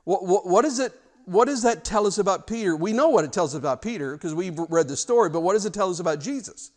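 A male pastor with a higher-than-usual voice delivers his sermon in an easy, conversational way. He stumbles over and repeats words, then lifts into strong bursts of emphasis. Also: expressive, quick pace, darkish tone.

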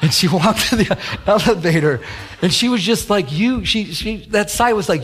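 A middle-aged man, a pastor, preaching a sermon in church with animated storytelling and acted-out quotes. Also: high-pitched, normal speed. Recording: radio broadcast of a sermon.

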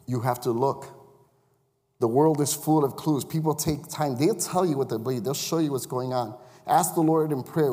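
A man's voice: mid-range voice, mellow, long reverb tail. A man who is a chaplain, preaching a sermon in a conversational way and often checking in with the congregation. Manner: conversational, asks the congregation questions. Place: church sanctuary.

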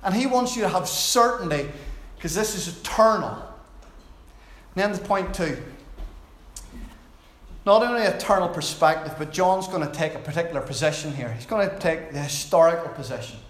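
A man preaching a sermon in a conversational, storytelling manner with gentle humor. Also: fairly high pitch, moderate pace, long pauses. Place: church. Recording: roomy hall echo.

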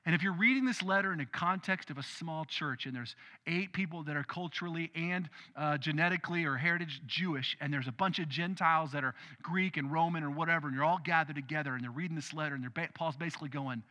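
A male pastor preaching a sermon in an animated, conversational way, with quick asides. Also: on the high side, long reverb tail.

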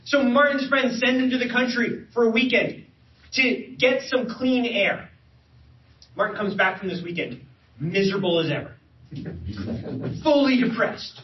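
A man's voice: very high-pitched, animated, a little slow, long pauses. A man sharing a testimony at a men's breakfast, in an earnest way, often repeating words as he searches for them. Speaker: lay speaker. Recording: roomy hall, distant mic, dull sound.

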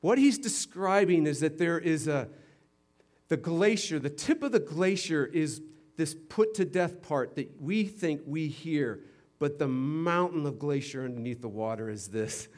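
A male pastor preaching a sermon, swinging from loud emphatic bursts down to hushed low passages, with playful teacherly asides. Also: lively intonation, unhurried.

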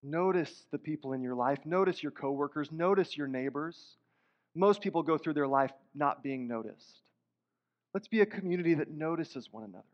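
Earnest preaching man, high voice. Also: expressive, normal speed. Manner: earnest, conversational preaching with rising emphatic bursts. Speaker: pastor. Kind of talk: sermon. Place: church sanctuary. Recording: dull sound in a hall with long reverb.

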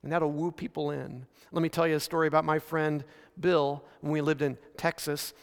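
A man with a notably high voice delivers a sermon like a friendly story, easing off the pace to lean on key lines. His words ring out with the long, trailing reverb of a big church sanctuary. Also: flat delivery, clean tone. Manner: conversational storytelling preaching with frequent slowdowns for emphasis. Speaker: pastor. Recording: long reverb of a large hall.

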